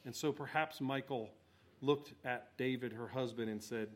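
A man preaching a sermon, swinging between loud exhortation and quiet asides. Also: mid-range voice, fairly even intonation, moderate pace. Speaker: pastor.

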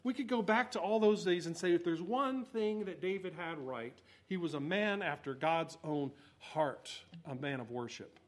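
Male pastor, sermon delivery, emphatic, fairly high voice, dynamic. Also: animated, moderate pace. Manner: emphatic, swings between loud exhortation and quiet asides.

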